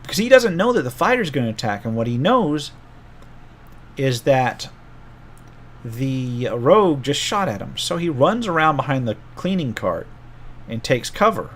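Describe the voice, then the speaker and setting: A man's voice: medium pitch, big pitch swings, moderate pace, fairly bright tone, slight background noise. A middle-aged man, a game master, casually telling a rambling story from an old tabletop game and often correcting himself as he goes.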